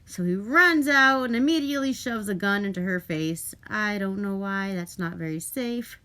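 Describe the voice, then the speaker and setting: Bright, swearing woman ranting about a movie. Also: medium pitch, moderate pace, smooth. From Alaska. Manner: profane, rambling, wry. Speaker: movie reviewer. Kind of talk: casual rambling movie review.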